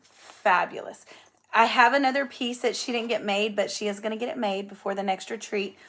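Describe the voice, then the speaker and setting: A chatty woman with a drawl talks to her viewers in a casual show-and-tell. She gushes over each item with excitement and keeps the talk loose and friendly. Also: mid-range voice, normal speed. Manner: gushing, enthusiastic, chatty. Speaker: flosstube host.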